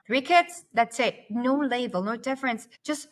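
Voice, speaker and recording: A woman, a podcast guest who talks fast and at length in animated conversation. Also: on the high side.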